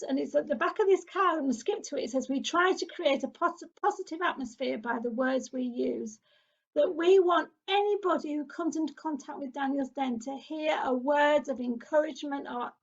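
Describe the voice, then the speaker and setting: A woman's voice: high voice, normal speed, creaky, dull audio. A middle-aged woman from England who leads a parenting group, talking in an earnest, encouraging way. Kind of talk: casual spoken talk.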